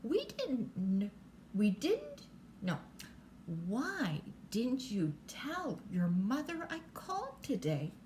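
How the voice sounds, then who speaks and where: A woman reading aloud plays a flustered storybook dad who stumbles and restarts mid-sentence. Her pitch jumps around widely, and the delivery is slow. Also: huge pitch swings, a little mellow, a little hiss or hum, exaggerated voice.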